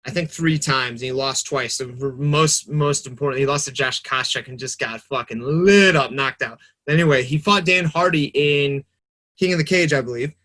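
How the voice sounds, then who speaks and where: Casting: young guy, slightly high voice, rambling podcast chat, swears a lot. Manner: animated, rambling, swears freely. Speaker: podcast guest. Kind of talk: casual chat.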